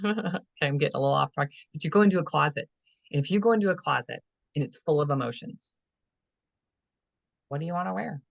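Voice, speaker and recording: A woman's voice: sits low, expressive, fairly quick, vocal fry, long pauses, no room sound. A woman holistic fitness and life coach, a guest in a conversational podcast interview, talking earnestly in a rambling way with many fillers. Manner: rambling and earnest, many "you know" fillers, acts out inner dialogue.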